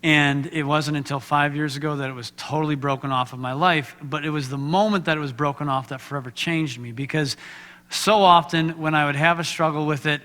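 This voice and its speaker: A man gives a candid, conversational sermon, often stopping to ask the congregation questions. His voice is bright and fairly high for a man. It rings out with the long reverb of a church hall. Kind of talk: sermon with personal testimony. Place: church sanctuary.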